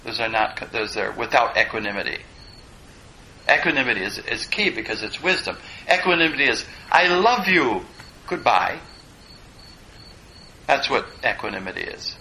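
A man's voice: lowish voice, lively intonation, brisk, gravelly, bright, forceful tone, slight background noise, low-quality recording. A man teaching a meditation class, plain-spoken and digressive, poking fun at himself as he goes. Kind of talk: dharma class talk.

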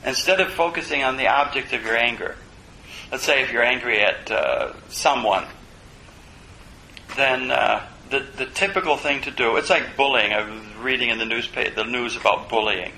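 Male Buddhist teacher, gravelly, bright tone, musing dharma talk. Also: medium pitch, lively intonation, normal speed, slight background noise, rough recording. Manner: reflective, asks himself questions aloud.

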